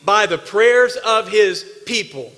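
A man preaching a sermon, his voice high and bright with a sharp edge. He swings from forceful bursts to quiet, intimate asides. The sound carries a long echo, as if it fills a church hall. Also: lively intonation, takes it slowly. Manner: emphatic preacher, swinging between loud bursts and hushed asides. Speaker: pastor. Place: church sanctuary.

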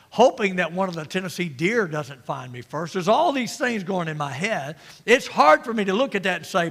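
A middle-aged man preaching an emphatic sermon as pastor, swinging between loud and quiet. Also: sits high. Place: church sanctuary. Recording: long reverb of a church hall.

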